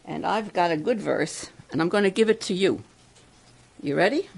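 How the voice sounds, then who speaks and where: A woman's voice: fairly low pitch, normal speed, gravelly, slight background noise. An older woman giving a sermon at a camp, coaxing her listeners with many questions. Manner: coaxing, asks the crowd questions. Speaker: camp speaker.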